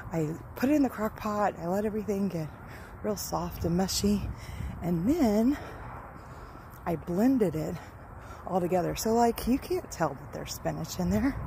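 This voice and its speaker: Woman vlogging over clear background noise. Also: lowish voice. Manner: relaxed, conversational. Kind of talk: casual vlog narration.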